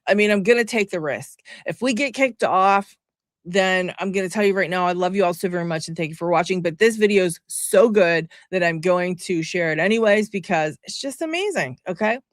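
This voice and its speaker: Lowish-voiced woman ranting casually at her viewers, sarcastic, dead dry mic. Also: animated, a little fast, no echo. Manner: sarcastic, exasperated, chatty. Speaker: commentary vlogger. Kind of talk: casual reaction commentary.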